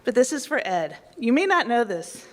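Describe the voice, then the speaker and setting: Woman speaking at a council meeting, heartfelt and close to tears, warm public tribute. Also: a little high, sing-song. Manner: tearful, heartfelt, slowing down. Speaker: public commenter. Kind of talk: emotional tribute speech. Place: council chamber.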